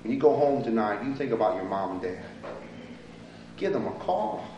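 A man preaching a sermon in a church, swinging between loud, pleading appeals and quiet, soft asides. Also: animated, moderate pace, dull audio, noisy background. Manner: rises to loud impassioned appeals, then drops low and soft. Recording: echoey room from far off.

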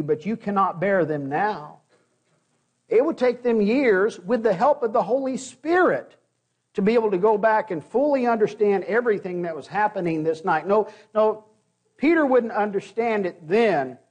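A pastor delivers a sermon in a notably high voice. He speaks earnestly, repeating words as he restarts phrases and pausing for emphasis.

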